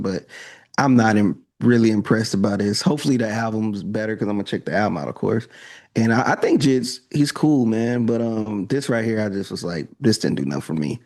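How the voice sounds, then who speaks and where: A man's voice: fairly low pitch, animated, a little fast, a little mellow. A man co-hosting a music podcast, speaking in a loose, rambling way full of filler words. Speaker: podcast co-host. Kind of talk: casual podcast chat.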